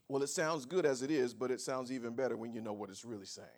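A man preaching a sermon, teaching word meanings and asking the congregation for responses, swinging from low asides to shouted emphasis. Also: fast talker, hardly any pauses. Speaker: pastor.

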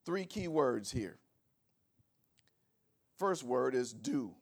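A man preaching a sermon, teaching word meanings and asking the congregation for responses, swinging from low asides to shouted emphasis. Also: animated, very slow, gravelly, husky. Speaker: pastor.

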